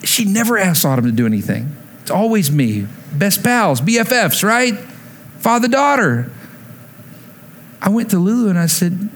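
Storytelling pastor, fairly high voice. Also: male voice, moderate pace, slight background noise. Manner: animated storytelling, acts out quotes, drops soft for reflection. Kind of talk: sermon with personal story.

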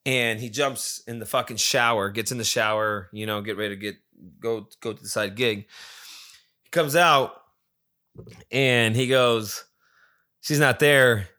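A man telling a story in a loose, rambling way, swearing freely and stopping to correct himself when he loses the thread. He slips into quoting his friend as he goes. His voice is bright and forceful at a mid pitch. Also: fairly even intonation, a little slow, long pauses. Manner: profane, rambling, acts out quoted friend. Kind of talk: casual storytelling.

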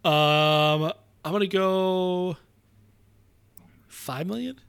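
A man with a voice pitched a bit high chats casually as a podcast co-host. He rambles, cracks jokes and swears casually while talking through a list. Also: drawn-out words, gravelly, fairly bright tone, clear, resonant tone. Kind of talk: casual chat.

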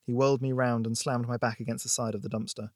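A man's voice: medium pitch, quick pace, dry recording. Dry close-mic male audiobook narrator. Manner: expressive, steady storytelling.

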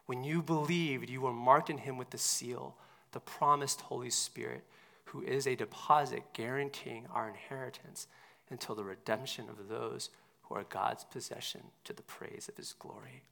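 Male pastor, mid-pitched, gravelly texture, conversational sermon delivery with hushed dips and emphatic peaks. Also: fairly even intonation, moderate pace.

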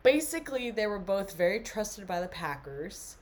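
A woman's voice: medium pitch, sing-song, normal speed. A young woman hosting a casual, tipsy sports podcast, rambling, laughing and reading off stats. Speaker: podcast co-host.

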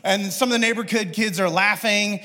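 A man with a notably high, light voice delivers a church sermon. He tells a family story with lively energy, slipping into his children's voices as he goes. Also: moderate pace. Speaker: pastor. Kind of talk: sermon with personal stories.

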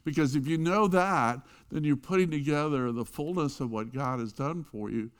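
A middle-aged man preaching a sermon, telling a story and swinging from loud emphasis to hushed quiet lines. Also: fairly high pitch, moderate pace, smooth. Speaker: pastor.

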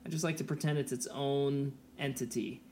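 A man's voice: medium pitch, steady tone, normal speed, warm tone, slight background noise. A man co-hosting a podcast in casual chat, easygoing and wry, chuckling often. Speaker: podcast co-host.

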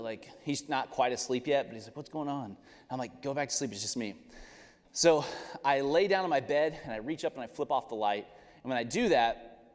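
A man preaching a sermon, telling a family story with lively laughter. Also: medium pitch. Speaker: pastor. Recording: long reverb of a large hall.

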